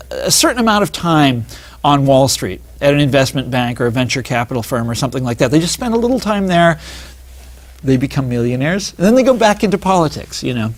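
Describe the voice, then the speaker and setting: A man talking as an author and interview guest, animated and digressive, with many asides and restarts. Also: on the high side. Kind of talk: casual interview talk.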